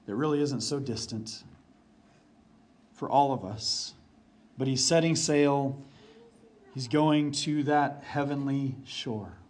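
A man preaching a sermon as pastor, repeating phrases for emphasis and dropping low and quiet when reading verses. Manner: varies pace and volume, drops low for quoted verses.

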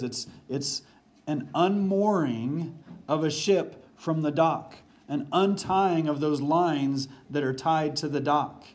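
A man preaching a sermon as pastor, repeating phrases for emphasis and dropping low and quiet when reading verses. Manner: varies pace and volume, drops low for quoted verses.

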